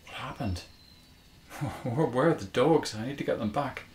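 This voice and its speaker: A man's voice: on the low side, normal speed, creaky, fairly bright tone, reverberant. A man reading a story voices a down-on-his-luck male dog walker who banters wryly and turns glum. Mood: dejected. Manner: wry, joking banter, turning glum.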